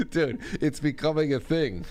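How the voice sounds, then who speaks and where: A man's voice: fairly high pitch, a little mellow. A man hosting a podcast, rambling in casual comedic chat and often breaking into laughter. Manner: rambling, laughing, self-interrupting. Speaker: podcast host.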